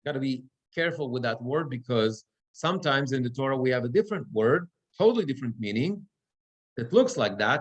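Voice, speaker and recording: A male cantor teaching a class how to read the Torah, explaining the marks and then chanting verses in drawn-out cantillation. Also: medium pitch, animated. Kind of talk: class instruction with chanted examples. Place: synagogue classroom.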